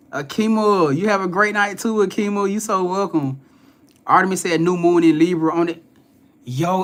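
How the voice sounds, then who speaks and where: Here a young male host of a spiritual reading stream talks in a high-pitched, fairly bright voice. Relaxed and slangy, he welcomes viewers by name while sprinkling in plenty of swearing and laughter.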